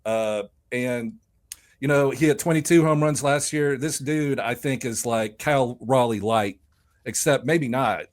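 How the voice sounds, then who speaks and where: A man's voice: mid-range voice, measured pace. A man co-hosting a casual fantasy sports podcast. He rambles and jokes, and he swears casually. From lives in Nashville. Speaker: podcast co-host.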